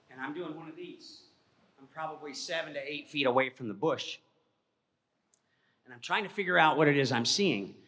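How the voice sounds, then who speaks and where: A man's voice: a little high, sharp tone, husky. A man telling a personal story live to an audience in a folksy, conversational way, often checking in with "okay?", his voice fading as he moves away from the mic. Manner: moves around while talking, voice fades as he walks off. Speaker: presenter telling an encounter story. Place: large hall with audience. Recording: echoey hall, speaker drifting off mic.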